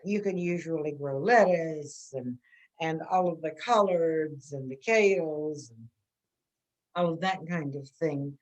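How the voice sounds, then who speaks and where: A woman's voice: sits low, measured pace, darkish tone, rough recording. A woman teaching an informal gardening class, chatty and answering questions, often checking in with "okay?".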